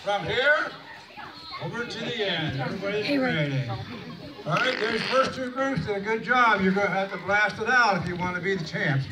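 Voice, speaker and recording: A man's voice: sits high, expressive, moderate pace. A man chatting folksily as he leads a crowd sing-along at an outdoor camp event, putting on a bit of a cowboy twang. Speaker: song leader at a camp event. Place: outdoor camp arena with stands. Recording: echoey, distant, crowd and noise.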